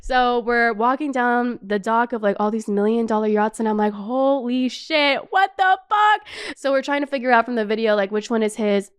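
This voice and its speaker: A young woman in her twenties hosting a casual chat show, telling a travel story in an animated, swear-filled way with lots of "like". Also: fairly high pitch, a little fast, few pauses, smooth. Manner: animated, swears a lot, says "like" constantly. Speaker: podcast host.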